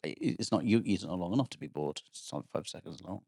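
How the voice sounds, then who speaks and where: A man co-hosting a podcast in casual chat, blunt and sweary, often halting mid-sentence. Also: deep voice, lively intonation, gravelly, a little mellow, dry recording, clean studio sound. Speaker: podcast co-host.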